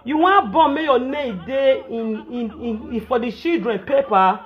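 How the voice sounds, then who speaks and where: A woman's voice: on the high side, measured pace, highs cut off. A woman with a Nigerian Pidgin English accent, scolding and ranting animatedly on a live phone video, repeating herself for emphasis. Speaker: social media personality on a live video.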